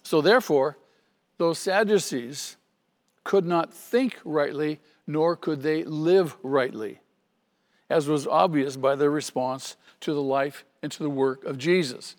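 Pastor, male, slightly higher voice, emphatic sermon delivery, long reverb of a big room. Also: slow. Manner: earnest, emphatic preaching with repetitions.

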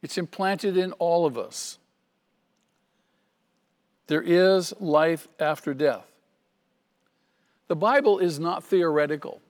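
Pastor, male, slightly higher voice, emphatic sermon delivery, long reverb of a big room. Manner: earnest, emphatic preaching with repetitions.

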